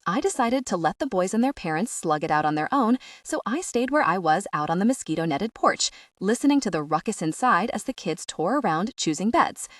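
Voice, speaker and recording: A woman's voice: mid-range voice, fairly quick, few pauses, no room sound, clean studio sound. A woman reading a first-person audiobook in a wry, sarcastic teenage voice. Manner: wry, sarcastic teen voice with animated asides. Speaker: audiobook narrator.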